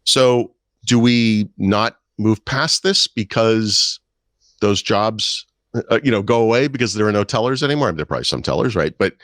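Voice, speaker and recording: A man's voice: on the low side, moderate pace, a bit bright, no room sound, studio quality. A middle-aged man and podcast co-host, telling wry anecdotes in casual chat. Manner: storytelling, wry, puts on voices in anecdotes.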